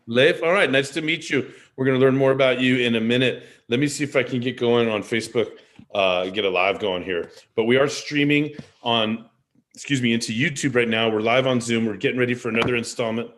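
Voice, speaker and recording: A man's voice: mid-range voice, a little fast, a bit bright. A middle-aged man hosting a casual live stream over a video call from a rented house, chatty and digressive in an upbeat way. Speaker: host. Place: rented four-story house.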